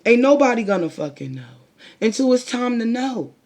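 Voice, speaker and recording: A woman's voice: fairly high pitch, very animated, normal speed, a little mellow. A woman vlogger giving a blunt, profane motivational monologue full of rhetorical questions. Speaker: spiritual vlogger.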